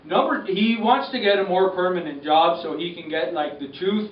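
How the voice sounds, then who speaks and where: A man's voice: high-pitched, moderate pace, a little hiss or hum, lightly acted. A man playing a rambling hoser sidekick in a comic sketch, full of "like". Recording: echoey, distant, dull lo-fi.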